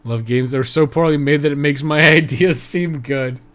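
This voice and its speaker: A man's voice: on the high side, moderate pace, fairly bright tone. A man giving live commentary over a video game, sarcastic and swearing freely as he mocks it. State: sweaty and worn out. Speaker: livestreamer.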